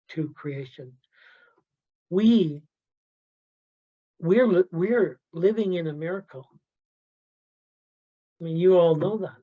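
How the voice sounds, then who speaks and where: A man from the Yukon telling personal stories in a halting way, often asking "right?" and adding "you know" as he goes. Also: on the high side. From Yukon, Canada. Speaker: workshop storyteller. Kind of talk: personal storytelling talk. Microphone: video call. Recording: slightly dull video-call audio.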